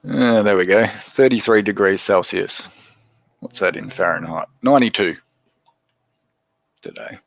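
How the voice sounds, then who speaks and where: A man with an Australian accent talks casually through a livestream, answering viewers in a loose, chatty way. His voice sits low and deep. The sound is dry and close, with no room echo. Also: measured pace, gravelly, long pauses. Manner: relaxed, chatty, reads and answers viewer comments. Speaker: livestream host.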